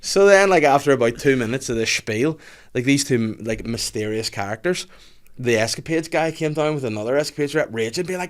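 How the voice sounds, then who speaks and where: A man telling a story on a podcast in casual chat, animated and laughing often while he acts out other people's voices. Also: medium pitch, fairly quick.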